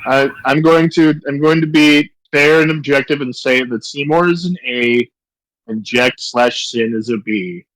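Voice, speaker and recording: A man's voice: mid-range voice, a little slow, fairly bright tone, no room sound, poor audio. A man in casual chat with friends, rambling through arguments with restarts and swearing. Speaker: co-host.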